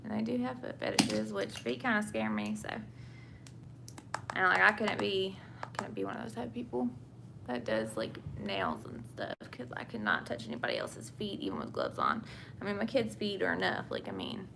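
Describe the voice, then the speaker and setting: Chatty woman with a gravelly Southern accent. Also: mid-range voice, wildly swooping pitch, normal speed, noisy background. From England. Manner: chatty, answers viewer questions, many fillers and restarts. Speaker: nurse and vlogger. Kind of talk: casual chat while doing makeup.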